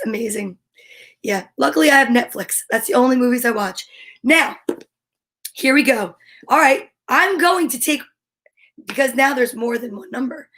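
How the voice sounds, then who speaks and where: A high-pitched, bubbly woman hosts a children's story-time show, talking straight to the kids at home. She is middle-aged and chatty, with an animated, friendly delivery. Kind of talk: cheerful chat to kids at home.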